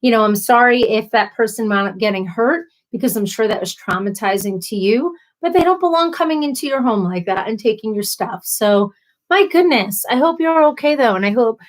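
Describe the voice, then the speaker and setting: Woman, somewhat high voice, casual live-stream chat, sympathetic, playful asides. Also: lively intonation, a little fast. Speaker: livestream host.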